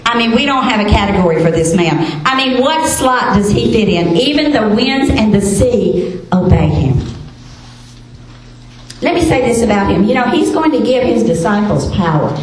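A woman teaching a women's Bible study, expressive, asking rhetorical questions and reading scripture aloud. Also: on the high side, normal speed. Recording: very echoey room, faint hiss.

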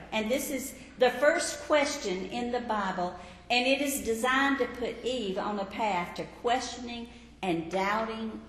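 A woman Bible teacher giving a teaching sermon in an emphatic, expressive way. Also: on the high side. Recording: echoey hall, faint background noise.

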